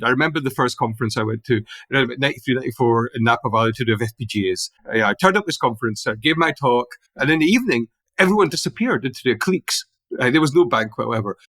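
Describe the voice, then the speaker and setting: Fast-talking Glaswegian man telling stories. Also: medium pitch, dry recording. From Scotland. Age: middle-aged. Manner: animated anecdotes with frequent restarts and laughter. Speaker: guest. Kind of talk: casual conversational storytelling.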